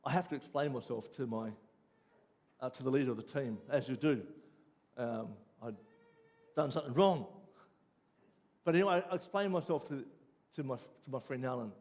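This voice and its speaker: An Australian man preaching, telling a personal story with lively ups and downs before dropping quiet and low for the lesson. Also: a little fast. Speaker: pastor. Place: church.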